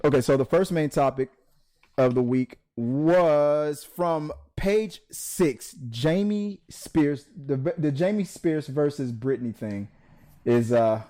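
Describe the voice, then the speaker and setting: A man hosting a casual news panel, talking in halting bursts full of restarts, with dry sarcastic asides. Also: a little high, warm tone. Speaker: podcast host.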